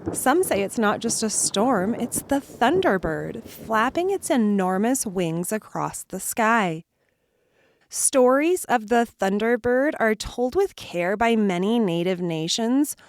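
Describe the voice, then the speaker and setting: Slow, gentle woman telling kids' stories. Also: mid-range voice. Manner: gentle, hushed, dramatic storytelling. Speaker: children's storytime host. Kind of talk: children's storytelling.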